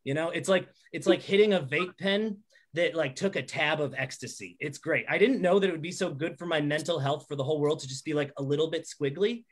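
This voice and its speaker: A man's voice: a little high, brisk. A man comic closing a rambling stand-up set, stammering through restarts.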